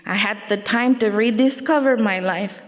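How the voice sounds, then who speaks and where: A woman's voice: on the high side, moderate pace, long reverb tail. A woman giving a personal testimony on stage, earnest and reflective, with short faith-filled declarations. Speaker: speaker sharing her story on stage. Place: event venue stage.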